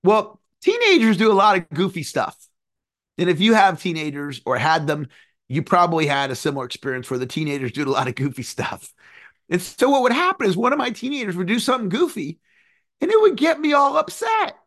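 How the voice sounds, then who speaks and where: A man in his forties giving an earnest, animated motivational lesson, sometimes singing a phrase. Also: on the high side, a little fast. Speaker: success coach. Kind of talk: motivational teaching talk.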